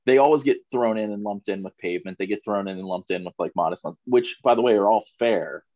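A man's voice: on the low side, fast, a little mellow, no room sound, lo-fi sound. A man in a casual music podcast chat, hedging and restarting as he gives his view.

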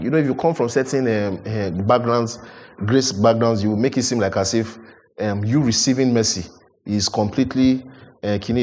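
A middle-aged man preaching a sermon, emphatic, swinging from loud rhetorical questions to low, quiet asides. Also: long reverb tail.

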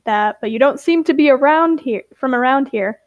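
A woman's voice: high-pitched, normal speed, no room sound, lo-fi sound, close to an everyday voice. A woman voicing a cocky, dismissive edgy teen stranger in a read-aloud role-play story. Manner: sighing, dismissive.

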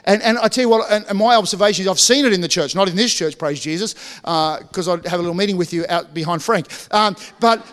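A man's voice: high voice, fast, few pauses, a bit bright, big-room sound. A man preaching a sermon in a church, talking conversationally, joking with the congregation, and often restarting his sentences. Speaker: pastor.

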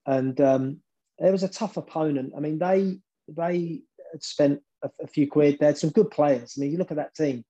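Dark-voiced man with animated storytelling. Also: a little high, normal speed, dull audio. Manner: animated, repeats words as he builds a story. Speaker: former football manager, guest. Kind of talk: storytelling interview.

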